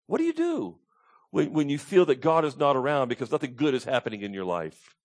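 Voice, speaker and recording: A man's voice: on the high side, lively intonation, fast talker, darkish tone. A man preaching a sermon as pastor, emphatic, repeating his key points and asking the congregation to call out answers.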